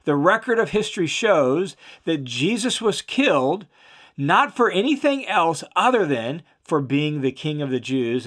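A man's voice: on the high side, fairly bright tone. A man teaching through a Bible passage, reading each verse aloud and then explaining it with emphatic repetition and some "uh" fillers. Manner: emphatic, repeats key phrases for stress.

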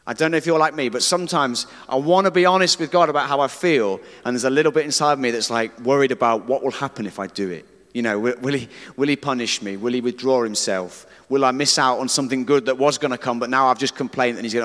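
A man's voice: medium pitch, fairly quick, a bit bright. A man preaching a conversational sermon, earnest, who reads scripture aloud. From Britain. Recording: reverberant hall.

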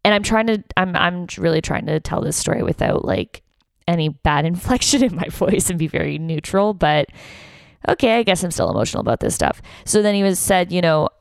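A young woman talks frankly on her podcast, pouring out a personal story with open emotion and frequent swearing. Her voice sits a little low and comes through smooth and clean, close and dry with no room sound. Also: expressive, a little fast, no echo. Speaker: podcast host.

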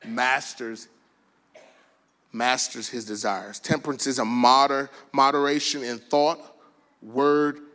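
A man preaching a sermon, telling stories with lively bursts of shouting and quiet, soft asides. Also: medium pitch, slow pace, pauses often. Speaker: pastor.

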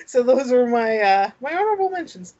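A woman's voice: a little high, very animated, moderate pace, darkish tone. A woman co-hosting a casual chat, laughing often and restarting her sentences. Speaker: podcast co-host. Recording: dull lo-fi sound.

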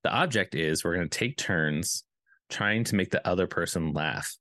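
This is a man co-hosting a relaxed podcast chat. His voice sits low, and the sound is dry and close. He is playful, rambles through his asides and laughs readily. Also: moderate pace, no echo. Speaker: podcast co-host. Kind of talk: casual chat.

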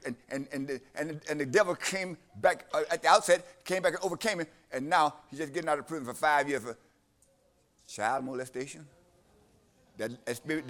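A man's voice: a little high, fairly bright tone. A man preaching a sermon, emphatic and repeating his phrases, trading lines with a scripture reader.

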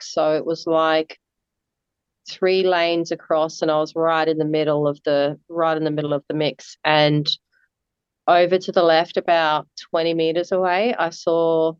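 A woman in her thirties with an Australian accent, a guest in a casual interview, talking haltingly with many fillers and restarts. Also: on the low side, clean tone, no echo, muffled recording. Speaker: guest, marathon runner.

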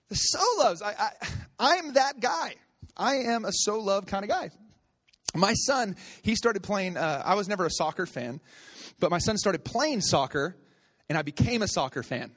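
Animated high-voiced male pastor preaching. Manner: animated, builds to loud excited peaks, laughs at himself; conversational storytelling with repetitions. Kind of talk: sermon.

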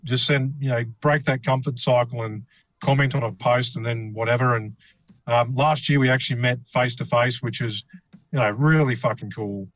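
A man's voice: medium pitch, fairly even intonation, moderate pace, a bit bright, no room sound, muffled recording. An Australian man chatting casually as a podcast host, rambling with lots of fillers and the odd swear word. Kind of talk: casual chat.

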